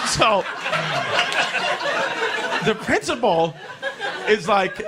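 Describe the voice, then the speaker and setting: A man doing stand-up comedy on a club stage, telling a loud, animated story and dropping into gruff voices for his father. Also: high-pitched, measured pace, long pauses, heavy background noise. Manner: loud, animated, laughing between lines, swings into gruff voices for his dad. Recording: live club set with a laughing crowd.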